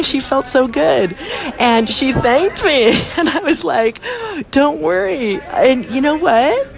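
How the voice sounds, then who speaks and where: Chatty woman host telling a story. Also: fairly high pitch. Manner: animated, laughs often while telling. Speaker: podcast host. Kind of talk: casual storytelling monologue. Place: busy airport.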